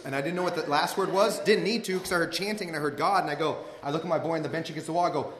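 Rambling Southern Californian comic in echoey room. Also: male voice, high voice, fast talker, hardly any pauses, heavy background noise. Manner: loose, rambling, laughs at his own jokes. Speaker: stand-up comedian telling a recovery story. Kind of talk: stand-up storytelling. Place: stage before a live audience. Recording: echoey live room recording.

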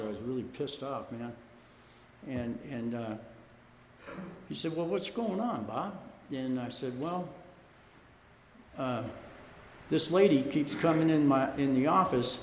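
In a meeting room, a man with a mid-range, fairly bright voice rambles through his personal story for a recovery group, laughing as he recounts anecdotes and repeatedly saying "you know." The hall echoes, room ambience is faint, and there's a little hiss or hum.

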